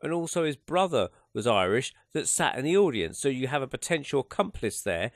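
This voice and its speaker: A man's voice: medium pitch, sing-song, fairly quick, no echo, studio quality. A man hosting a radio talk show, rambling and hesitant with many restarts. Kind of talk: casual radio chat. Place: radio studio.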